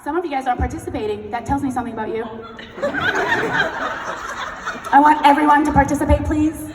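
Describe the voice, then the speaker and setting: A young woman giving a blunt, energetic motivational talk on stage and leading the crowd in chanted affirmations, heard in a large event hall. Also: high voice, very fast, over music. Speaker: sales team leader and motivational speaker. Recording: echoey hall recorded from far off.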